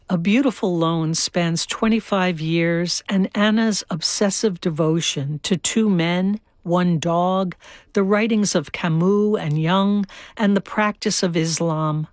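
A woman giving a measured, deliberate radio book review. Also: on the low side, no room sound, clean studio sound. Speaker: book critic.

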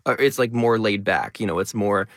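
A man being interviewed, talking quickly and explaining at length in a conversational way. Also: fairly low pitch, fairly bright tone, no echo, studio quality. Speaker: guest.

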